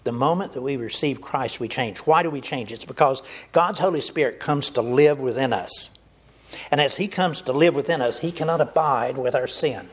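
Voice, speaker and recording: A man delivers an earnest sermon in a husky, slightly rough voice. He speaks to his listeners directly and calls them folks. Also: mid-range voice, moderate pace. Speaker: preacher.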